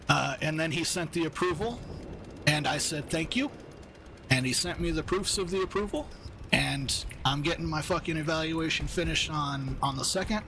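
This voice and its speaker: A man's voice: on the high side, moderate pace, sharp tone, a little hiss or hum. A man, angry and steamed up, ranting profanely and rambling in casual chat while streaming a game. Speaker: gaming streamer.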